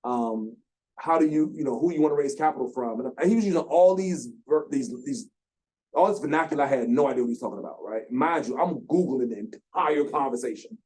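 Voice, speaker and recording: Animated man telling a founder story. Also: medium pitch, fairly quick. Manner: animated, acts out quotes with slang. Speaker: guest speaker, founder. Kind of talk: storytelling talk. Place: lecture room.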